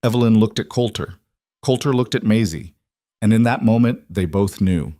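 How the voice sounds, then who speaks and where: A man narrates a frontier tale in a calm, measured way. His voice sits low, and it sounds close and dry, with no room around it. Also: no room sound. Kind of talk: scripted storytelling narration.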